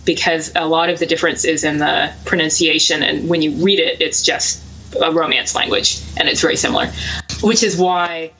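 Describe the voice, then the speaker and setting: Bright, quick-laughing woman author. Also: low-pitched, steady tone, a little hiss or hum, rough recording. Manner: quick, laughing, self-deprecating. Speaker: author guest. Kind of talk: casual interview chat.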